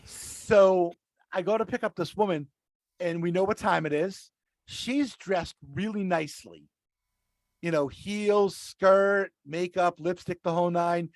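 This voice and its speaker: High, gravelly man telling stories. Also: unhurried, no room sound. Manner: rambling, restarts mid-sentence. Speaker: podcast regular, rideshare driver. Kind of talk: casual storytelling.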